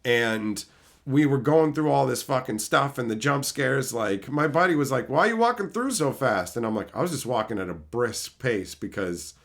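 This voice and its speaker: A man's voice: mid-range voice, animated, normal speed, vocal fry, a bit bright. A man streaming, telling a story in a casual rant, profane, exasperated and mocking.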